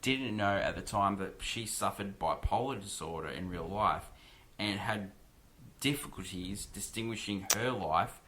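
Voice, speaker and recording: A deep-voiced man talks through a film's plot in a casual, rambling way. He restarts sentences and leans on fillers as he chats with his co-host. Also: a little slow, bright, forceful tone, slight background noise. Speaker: podcast co-host. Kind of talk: casual film discussion.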